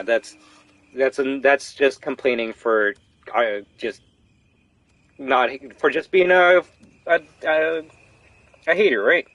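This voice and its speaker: A young man streaming a horror game, rambling casually to chat with animated, profane commentary. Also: mid-range voice, no echo. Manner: rambling, animated, swears freely. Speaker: gaming streamer.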